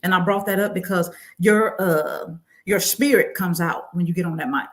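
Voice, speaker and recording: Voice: mid-range voice, normal speed. Affirming host in casual talk. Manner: affirming, speaks with a preacher-like turn of phrase. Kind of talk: casual interview chat.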